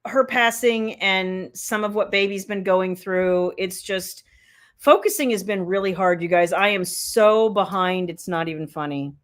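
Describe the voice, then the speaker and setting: Chatty woman reading viewer comments. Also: mid-range voice. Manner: chatty, teasing, reads comments aloud. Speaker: author hosting a live stream. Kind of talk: casual live chat reading viewer comments.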